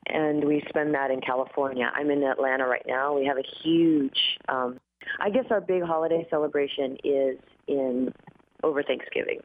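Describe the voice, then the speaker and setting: A woman talks through a thin, phone-like line, her voice a bit groggy and dry after a red-eye flight. She chats easily as a guest, with fillers and quick laughs along the way. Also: low voice, steady tone. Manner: chatty, laughs often, many fillers. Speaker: singer and guest. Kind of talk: casual interview chat. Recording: tinny phone-line audio.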